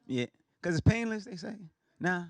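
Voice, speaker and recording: A man's voice: high voice, lively intonation, normal speed, no room sound. A man doing a stand-up comedy set, loose and conversational, with punchy delivery.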